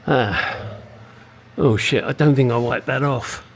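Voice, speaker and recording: A man's voice: medium pitch, slightly rough. A middle-aged English man restoring a classic car in his home garage, talking bluntly to the camera and swearing freely. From England. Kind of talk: casual workshop vlog.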